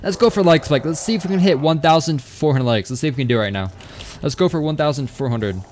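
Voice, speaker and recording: A man's voice: fairly high pitch, fast, a little mellow, slight background noise. A young man live-streaming a game, chatting casually and reading out viewer messages as he plays. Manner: casual, rambling, reads chat aloud. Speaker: gaming streamer. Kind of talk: live stream chat while gaming.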